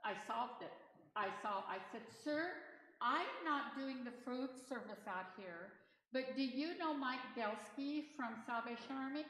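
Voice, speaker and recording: A woman's voice: sits high, unhurried, a bit bright. A middle-aged woman giving a church training talk, chatty and full of storytelling asides. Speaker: disaster response trainer. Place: church hall. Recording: echoey hall.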